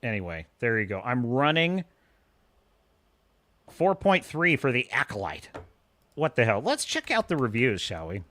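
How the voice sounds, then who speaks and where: A man's voice: mid-range voice, big pitch swings, a little slow, long pauses, sharp tone, dry recording. A young man ranting scornfully during a live stream, often breaking into laughter as he reacts to reviews.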